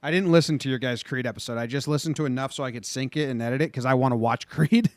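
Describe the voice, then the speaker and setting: A man's voice: mid-range voice, quick pace, dry recording, studio quality. A man hosting a casual movie podcast, upbeat and leading the talk. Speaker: podcast host.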